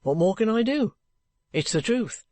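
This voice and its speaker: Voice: mid-range voice, very animated, moderate pace, a little mellow, no room sound, close to an everyday voice. A reader voicing a bluff former soldier who is under arrest and speaks plainly, politely and stubbornly. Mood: firm.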